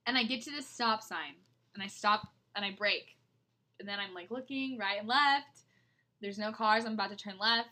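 A young woman co-hosting a podcast, telling her stories in an animated, dramatic way in casual chat. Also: mid-range voice, normal speed. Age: young adult. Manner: animated storytelling, dramatic retellings. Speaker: podcast co-host.

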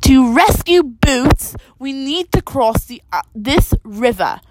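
A woman reading a children's storybook aloud, slowly and carefully, with small restarts. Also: sits high, lively intonation, very noisy. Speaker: reader.

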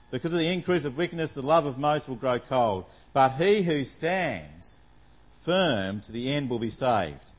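Poor audio captures a man with a mid-range voice giving a chatty sermon. He reads from scripture, asks his listeners questions, and leans heavily on fillers.

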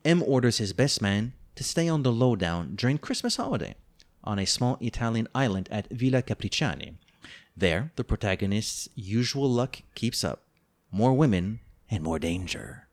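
Co-hosting a book-review podcast, a man with a fairly low, lively voice reads out a plot summary at a moderate pace. He sprinkles in playful, teasing, mock-dramatic asides.

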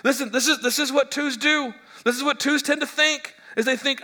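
Lively preaching man in an echoey hall. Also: very high-pitched, brisk, few pauses. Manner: animated, joking, stammering restarts. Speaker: pastor. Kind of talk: sermon. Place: church hall.

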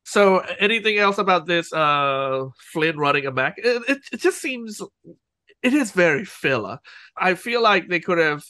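A man's voice: sits high, animated, moderate pace, sharp tone, dry recording. A man co-hosting a podcast, rambling through a casual TV episode recap and laughing at his own jokes. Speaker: podcast co-host.

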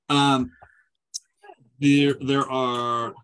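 A man in the game master's seat narrates a tabletop adventure, stopping and restarting his sentences as he works out the scene. His voice sits at an everyday middle pitch. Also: a bit bright, clear, resonant tone. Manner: halting, with many fillers and restarts.

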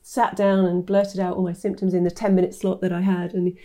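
A woman in her fifties, a nutritionist guest telling her story in an animated way, acting out quoted voices. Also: fairly low pitch, fairly quick. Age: 50s. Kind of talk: interview storytelling.

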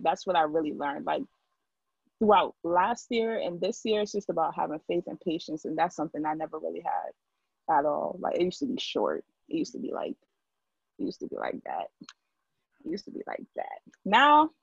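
A woman's voice: on the low side, gravelly, breathy edge, dry recording, dull audio. A young woman talking in a casual chat, filling her speech with "like" as she tells her story. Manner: talkative, heavy use of "like". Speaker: guest.

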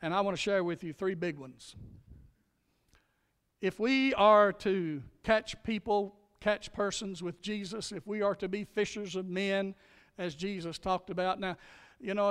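A male pastor delivering a sermon with emphatic preaching, slowing down and speeding up to stress his points. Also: sits high, a bit bright, clear, resonant tone, big-room sound.

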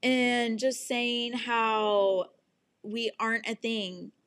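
A woman's voice: fairly high pitch, flat delivery, drawn-out words, a bit bright. A young woman telling a story in a casual monologue, exasperated and swearing freely as she acts out what was said.

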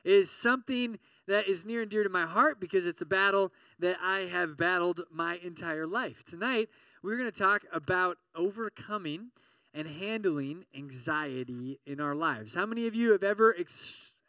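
Lively, high-voiced male preacher. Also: normal speed, no echo, far from the mic. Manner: animated, acts out worried voices, talks to the crowd. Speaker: pastor. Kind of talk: sermon to college students.

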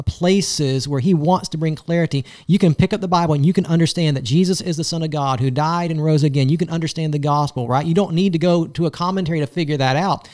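A man co-hosting a talk, making measured, emphatic teaching points. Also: a little high, darkish tone. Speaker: co-host. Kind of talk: teaching in conversation.

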